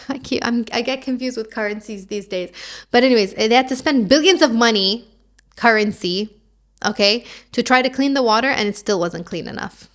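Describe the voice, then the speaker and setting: A woman's voice: fairly high pitch, normal speed, a bit bright. A woman hosting a casual podcast, sassy and opinionated, rambling with lots of "like"s. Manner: puts on a mock French accent. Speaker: podcast host.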